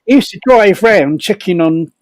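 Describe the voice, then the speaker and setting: An older man tells a funny anecdote at a comedy fundraiser, halting and repeating words and chuckling as he goes. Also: sits high, expressive, dry recording, clean studio sound. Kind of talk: comic anecdote telling.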